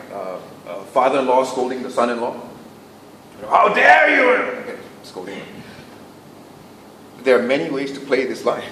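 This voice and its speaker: A man teaching public speaking to a club audience, projecting his voice without a microphone and dropping very soft for emphasis. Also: medium pitch. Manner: projects to a room without a mic, drops to near-whisper for emphasis. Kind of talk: speech workshop talk. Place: meeting room before a club audience. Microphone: no microphone, recorded from a distance. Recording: roomy, distant, faint room noise.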